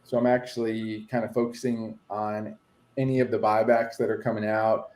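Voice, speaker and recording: A man's voice: lowish voice, little pitch movement, moderate pace, a little mellow. Man chatting hesitantly in an echoey room. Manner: hesitant, many fillers. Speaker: podcast co-host, card collector. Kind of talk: casual chat.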